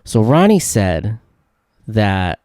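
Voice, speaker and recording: Rambling young man, low voice. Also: drawn-out words, no echo, clean studio sound. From California. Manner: rambling, excitable storytelling full of "dude" and "like". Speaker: podcast host. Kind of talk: casual solo podcast rant.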